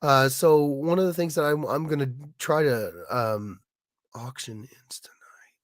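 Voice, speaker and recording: A man with a hoarse, raspy voice from being sick, chatting casually on his livestream and stumbling over restarts. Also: a little high, animated, dry recording, clean studio sound. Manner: halting, many restarts and fillers. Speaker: livestream host, illustrator.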